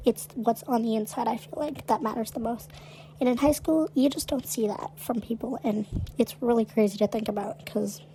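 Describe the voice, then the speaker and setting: A woman's voice: a little high, dark tone, a little hiss or hum, poor audio. A woman co-hosting a podcast, chatting casually and recounting a story with lots of "like" in her speech. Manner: chatty, heavy use of "like". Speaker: podcast co-host.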